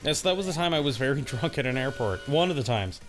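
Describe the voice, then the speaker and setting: A man's voice: medium pitch, animated, quick pace, over music. Laughing man telling a rambling story. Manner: rambling, laughing, acts out quoted voices. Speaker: co-host of a gaming channel. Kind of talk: casual storytelling while playing a game.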